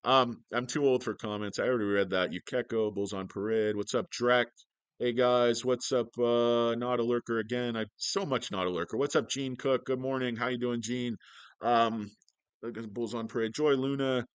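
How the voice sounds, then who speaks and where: A man's voice: medium pitch, fairly even intonation, normal speed, smooth, no echo. A man hosting a stock-market livestream, joking, swearing and rambling as he greets viewers.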